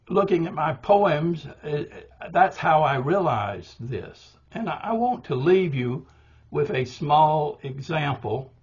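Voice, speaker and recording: Slow, husky older man teaching poetry. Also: fairly high pitch. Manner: deliberate, explanatory, with small restarts. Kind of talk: explaining poetic meter. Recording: dull, muffled recording.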